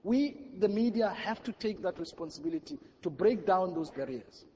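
A man's voice: high voice, animated, moderate pace, long reverb tail, muffled recording, background noise. A man speaking as a media panelist at a conference, telling a personal story in an earnest, emphatic way. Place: large conference hall.

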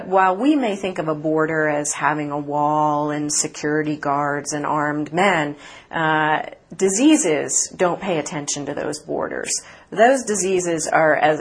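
Husky low-voiced woman reporter. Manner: articulate, measured, with occasional fillers. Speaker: reporter interviewed as guest. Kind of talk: radio interview, measured reporting. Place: conference city, remote from host.

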